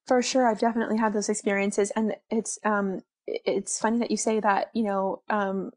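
A mother chatting casually about parenting, animated, laughing often and acting out little quotes. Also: mid-range voice, normal speed.

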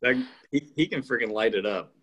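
A man co-hosting a casual sports podcast, giving a measured rebuttal with lots of hesitation. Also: mid-range voice, a bit bright, breathy edge. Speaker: podcast co-host.

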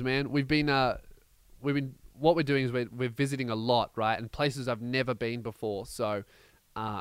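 A man hosting a podcast, telling a comedic story in a brash, profane, animated way with mocking asides. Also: medium pitch, smooth, dry recording. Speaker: podcast host.

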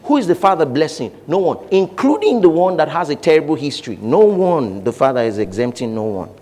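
Male pastor, fairly high voice, lively preaching that acts out voices, echoing hall. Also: a little fast. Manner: animated preaching, acting out voices, frequent laughter. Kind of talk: sermon.

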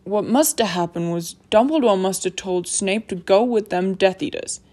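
A woman voicing a big, gruff, half-giant groundskeeper who talks loudly in a rough rustic dialect. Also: mid-range voice, lively intonation, moderate pace, lightly acted. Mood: reassuring.

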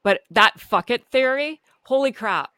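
A woman's voice: fairly high pitch, animated, measured pace, bright, forceful tone, no room sound. A woman podcast host chatting casually and bluntly, swearing freely and laughing often.

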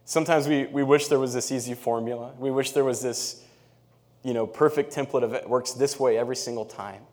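A pastor delivers a sermon in a relaxed, conversational style, his medium-pitched male voice moving at a fairly quick pace. He grows animated while telling the story and reading scripture aloud.

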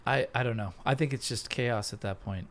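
A man's voice: mid-range voice, a little fast. A man from England with an English accent, co-hosting a podcast and riffing in exasperated, profane banter. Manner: animated, exasperated riffing, swears. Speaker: podcast co-host.

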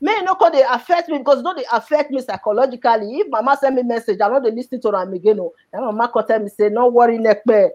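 A Nigerian woman with a high voice and a Nigerian Pidgin accent tells her personal story to an interviewer. She speaks with feeling and repeats words for emphasis. The recording sounds dull and lo-fi. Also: very fast, hardly any pauses, a little mellow. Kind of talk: personal life story in conversation.

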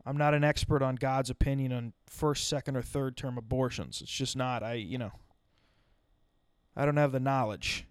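A man's voice: medium pitch, fairly even intonation, moderate pace, clear, resonant tone, no echo. A young man telling a comic story in a rambling, wry way, often interrupting himself. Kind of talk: comedic storytelling monologue.

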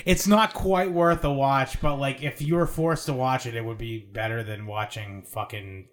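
A man's voice: medium pitch, moderate pace. A man co-hosting a casual movie review podcast, talking bluntly and swearing often. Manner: blunt, profane, animated. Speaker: podcast co-host.

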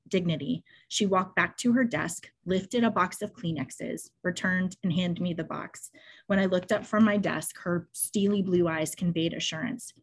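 A woman's voice: fairly low pitch, slightly rough. A woman co-hosting a show, reading a memoir excerpt aloud with feeling.

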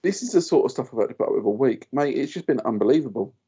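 A man in his thirties, a podcast co-host telling animated stories in casual chat and acting out what others said. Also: mid-range voice, very fast, breathy edge, highs cut off. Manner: animated storyteller, acts out quoted voices.

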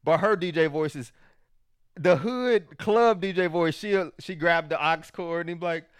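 A man's voice: on the high side, unhurried, clear, resonant tone. A man in casual chat, speaking candidly and with profanity.

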